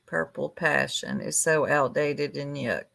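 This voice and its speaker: A woman gossips on a casual livestream in a low, unhurried drawl. Her manner is chatty and catty, and she lingers over every jab. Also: gravelly, a bit bright.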